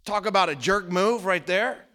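A man preaching a sermon as pastor, telling the story with animated delivery and acting out the quoted voices. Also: sits high, normal speed.

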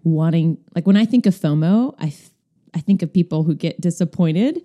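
A woman's voice: fairly low pitch, lively intonation, normal speed, mellow. A woman co-hosting a casual podcast who laughs often and acts out the lines of people in her stories. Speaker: podcast co-host. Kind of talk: casual chat.

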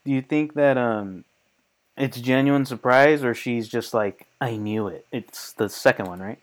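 A man's voice: mid-range voice, unhurried. Eager man chiming in as guest. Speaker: podcast guest. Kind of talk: casual chat.

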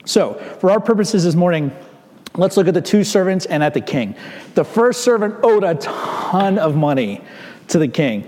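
A fairly high-voiced man preaches a sermon to his congregation. He keeps it conversational and checks in with asides to the people. His voice rings out with the long reverb of a large church sanctuary. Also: animated, normal speed, a little mellow. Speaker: pastor.

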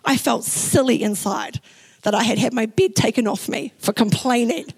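A young woman pastor from New Zealand with a New Zealand accent, preaching a sermon in a chatty, animated way and acting out the quotes in her stories. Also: on the high side, moderate pace, gravelly, breathy edge, low-quality recording. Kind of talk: sermon with personal story. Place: church.

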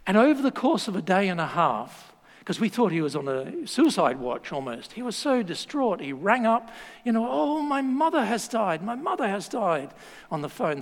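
An Australian man preaching a sermon, telling stories in a lively, joking way. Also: a little high. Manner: lively storytelling with laughs and asides. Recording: long hall reverb.

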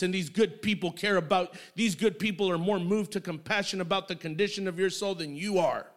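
High-voiced preacher, impassioned man. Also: brisk, few pauses. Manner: impassioned, building to shouting. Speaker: pastor. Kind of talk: sermon. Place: church sanctuary.

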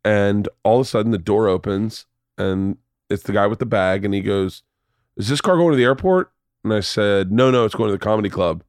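Animated storytelling man, dry close sound. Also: fairly low pitch, fairly quick, no echo. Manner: animated, swears freely, acts out voices in stories. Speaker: podcast host. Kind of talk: casual storytelling chat.

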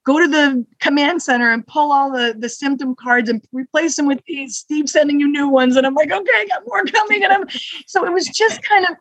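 A woman who manages hospital security, chatting as a podcast guest and telling stories with lively acted-out quotes. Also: high voice, brisk, no echo, low-quality recording. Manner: lively storyteller who acts out quoted exchanges. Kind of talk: casual interview chat.

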